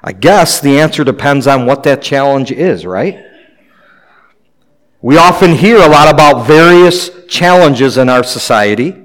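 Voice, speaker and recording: A pastor preaching a sermon in a conversational way, with light humor. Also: male voice, mid-range voice, lively intonation, unhurried, low-quality recording.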